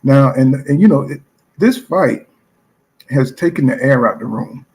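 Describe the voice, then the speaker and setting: A man with a gravelly, fry-edged voice talks through boxing news on his own channel. His delivery is loose and blunt, circling back on himself with constant fillers. He stays at an ordinary middle pitch as he reacts to viewer comments. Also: lively intonation, measured pace, a little mellow. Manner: loose, repetitive, leans on "you know what I'm saying"; blunt and profane.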